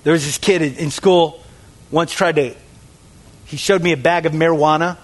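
A man preaching a sermon with emphatic delivery, swinging from raised calls to hushed, whispered asides as he acts out excuses. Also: fairly high pitch, steady tone, normal speed. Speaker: pastor.

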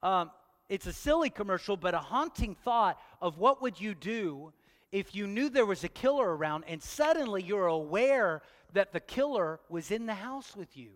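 He speaks at a moderate pace, his voice sitting high with lively intonation. A pastor in a church hall, he jokes through his sermon and keeps asking the congregation questions in a playful, direct way, the sound ringing with long reverb.

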